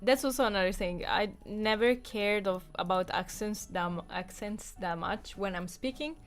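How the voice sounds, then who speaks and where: A woman's voice: medium pitch, moderate pace. Chatty woman podcast co-host. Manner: chatty, laughs often, many fillers. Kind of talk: casual chat.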